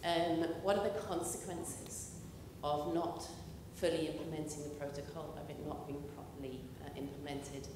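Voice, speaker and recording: Low-voiced woman in an echoing hall. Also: little pitch movement. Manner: measured, uses "um" fillers. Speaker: audience questioner, academic. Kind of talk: question from the floor. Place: large lecture hall. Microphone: handheld audience microphone. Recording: boomy hall reverb with rumble.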